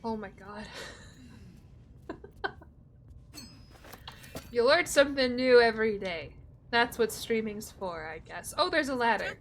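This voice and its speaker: Young woman streamer rambling to chat while playing, kinda high voice, swears a lot. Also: animated, moderate pace, a little hiss or hum. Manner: chatty, swears freely, answers chat. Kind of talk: casual gameplay commentary.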